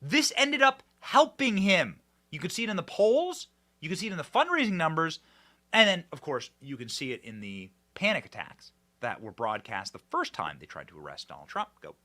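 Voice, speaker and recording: A man hosting a political commentary show, talking in an animated, emphatic and mocking way, often repeating his words. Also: on the high side, normal speed. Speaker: podcast host.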